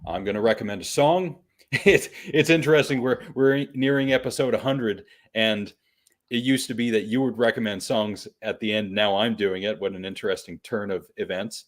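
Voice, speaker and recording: A man's voice: lowish voice, moderate pace. A man hosting a casual podcast, bantering and chuckling often. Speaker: podcast host. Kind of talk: casual chat.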